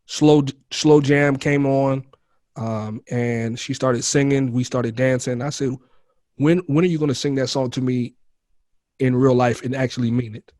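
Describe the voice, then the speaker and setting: A man's voice: medium pitch, fairly even intonation, a little slow, a little mellow, dry recording. A man with an everyday mid-range voice tells his story as a podcast guest, candid and slangy. He keeps calling the host bro and man, and the recording is close and dry with no room sound. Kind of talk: casual storytelling in an interview.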